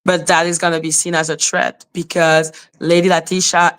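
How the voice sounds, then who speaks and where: A woman's voice: fairly low pitch, flat delivery, normal speed, a bit bright, clear, resonant tone. A woman hosting a live stream, talking to her chat in a confrontational, scolding way. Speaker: livestream host.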